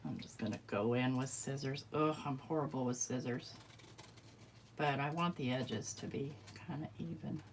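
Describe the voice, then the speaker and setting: A woman chatting casually to herself while crafting, a little hoarse as she loses her voice, muttering and self-deprecating. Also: extremely low pitch, moderate pace, noisy background. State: losing her voice. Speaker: crafting vlogger.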